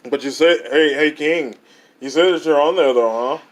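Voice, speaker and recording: A man's voice: fairly high pitch, moderate pace. A man co-hosting a podcast in casual banter, joshing and laughing often. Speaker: podcast co-host.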